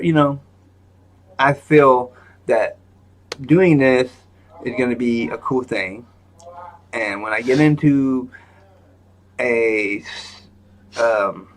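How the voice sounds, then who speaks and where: A man's voice: mid-range voice, a bit bright. A man hosting a live stream in a rambling, joking manner, with lots of fillers and restarts. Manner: joking, self-mocking. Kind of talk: casual live-stream chat.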